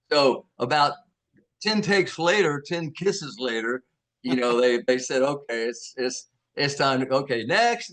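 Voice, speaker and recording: A man's voice: mid-range voice, lively intonation, moderate pace, fairly bright tone. A man in his sixties from Georgia with a Southern American accent, telling stories as an interview guest in a folksy, laughing way. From Georgia, USA. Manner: folksy, laughing, acts out quotes. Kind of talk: casual storytelling.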